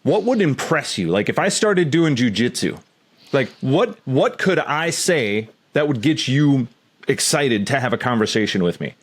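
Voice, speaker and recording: A man's voice: medium pitch, big pitch swings, moderate pace, husky. A man in his forties co-hosting a podcast, chatting casually in an eager, rambling way and acting out hypotheticals. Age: 40s. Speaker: podcast co-host.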